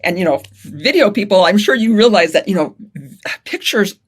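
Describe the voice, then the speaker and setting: A middle-aged woman speaking as a guest coach in a casual interview, animated and enthusiastic. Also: mid-range voice, moderate pace, slightly rough. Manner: animated, enthusiastic, laughs often.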